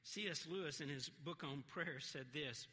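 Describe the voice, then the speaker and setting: A man's voice: a little high, normal speed, bright, forceful tone, slightly rough, in a large hall. A man preaching a sermon as a pastor, earnest and conversational, slipping into quoted voices along the way.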